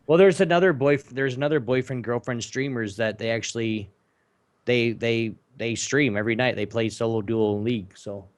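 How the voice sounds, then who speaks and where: A man's voice: medium pitch, normal speed. Man co-hosting a joking podcast. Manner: joking, teasing. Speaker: podcast co-host. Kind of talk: casual podcast chat.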